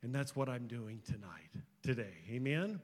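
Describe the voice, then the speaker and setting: A man's voice: mid-range voice, sing-song, moderate pace. A man preaching as a pastor, emotional and pleading as he leads the congregation in a prayer of salvation. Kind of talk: sermon with altar call prayer. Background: loud country guitar music.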